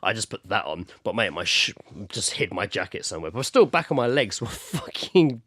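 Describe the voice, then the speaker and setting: A man's voice: on the low side, very animated, normal speed, pushed and bright, no echo, studio quality. A young man telling a story on a podcast, laughing and swearing. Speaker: podcast co-host. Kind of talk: casual chat, storytelling.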